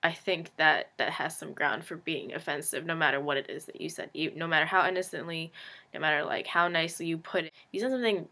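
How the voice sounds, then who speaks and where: A woman's voice: deep voice, quick pace, sharp tone. Chatty teen girl saying "like" constantly. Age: late teens. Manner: says "like" constantly, rambling, self-deprecating; frank, sarcastic asides. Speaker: vlogger. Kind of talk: casual confessional monologue.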